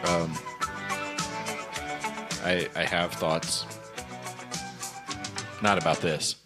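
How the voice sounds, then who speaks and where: A man's voice: deep voice, flat delivery, extremely slow, loud music behind the voice. A man co-hosting a casual podcast, making dry, wry remarks. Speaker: podcast co-host. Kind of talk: casual chat.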